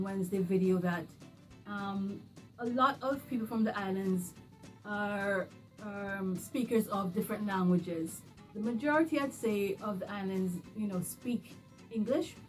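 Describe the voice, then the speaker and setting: A woman from the Caribbean talking casually to camera in a vlog, working through a numbered list in an animated, emphatic way. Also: mid-range voice. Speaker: vlogger. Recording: a bit distant from the mic, faint music.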